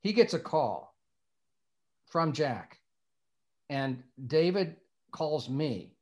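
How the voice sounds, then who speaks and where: Telling a long story in an interview, this older guest, a screenwriter from Indiana, USA, meanders and repeats words as he starts over. His fairly high-pitched voice is sing-song and darkish, drawing out his words.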